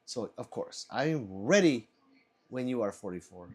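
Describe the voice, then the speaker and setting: A man's voice: mid-range voice, animated, moderate pace, a little mellow, slightly rough. A man hosting a casual livestream, reading chat aloud, laughing often and swearing freely.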